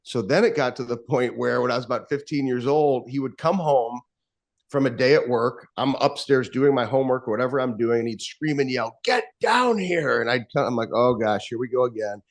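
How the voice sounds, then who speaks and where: A man guest recalling a personal story, earnest and reflective. His voice sits at an everyday middle pitch. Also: steady tone, a little fast.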